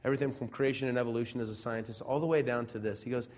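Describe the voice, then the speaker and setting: Male pastor from Central Illinois, mid-pitched, preaching in church. Chatty sermon with rhetorical questions and loud-soft swings. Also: fairly even intonation, racing.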